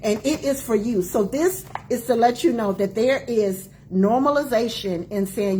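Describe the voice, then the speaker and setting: A woman in her forties, a doctor and author hosting her own book launch, talking live to viewers with emphatic repetition and quick greetings to people joining. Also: on the high side, mellow, a little hiss or hum. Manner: emphatic, repeats key phrases, calls out greetings to viewers. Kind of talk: live-streamed talk to viewers.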